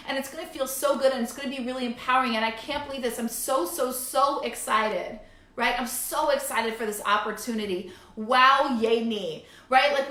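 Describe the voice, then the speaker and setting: A woman coach delivers a motivational masterclass in a gushing, enthusiastic stream of repeated affirmations. Her voice sits a little high, and the room around her rings with echo. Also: a bit bright. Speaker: wellness coach.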